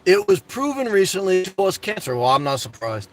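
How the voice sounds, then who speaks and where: A man's voice: high voice, big pitch swings, brisk. A man live-streaming from inside a parked car, rambling through viewer comments, joking and laughing often, with lots of "man" and "guys".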